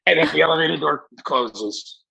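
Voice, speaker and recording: In this low-quality recording, a husky, sharp-toned voice with vocal fry speaks at a normal pace and a fairly high pitch. The speaker is a wrestling executive from Canada, a man in his forties, guesting in an interview. He tells stories with real animation, voicing the characters and swearing casually.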